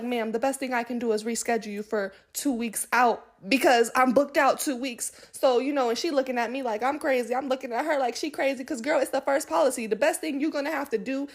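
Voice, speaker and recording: A woman nail technician in a casual storytime vlog, talking to viewers in a chatty, joking way. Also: on the high side.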